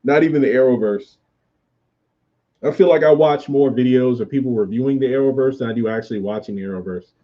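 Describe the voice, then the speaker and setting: A man's voice: medium pitch, quick pace, highs cut off. A man hosting a casual livestream, rambling as he answers viewers' comments aloud. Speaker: YouTube host reviewing a TV show.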